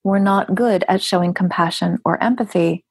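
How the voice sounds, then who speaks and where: A husky-voiced woman speaking as a podcast guest, earnest and emphatic. She builds her points with rhetorical questions and leaps upward in pitch for playful asides. The sound is dry and close, with no room around her. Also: moderate pace, a little mellow, dry recording. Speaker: grief writer and guest. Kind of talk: podcast interview talk.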